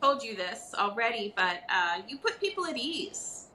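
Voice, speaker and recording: A woman's voice: a little high, very animated, normal speed, a little hiss or hum, low-quality recording. A woman guest potter in a casual video-call chat, talking with frequent ums and easy laughs. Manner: warm, hesitant with many ums.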